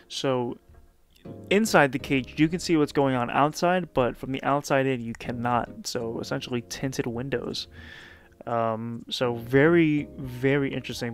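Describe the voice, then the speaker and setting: A man casually recapping and commenting on a manga chapter in a loose, chatty way, with plenty of fillers. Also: medium pitch. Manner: loose, chatty retelling with frequent fillers and quick laughs.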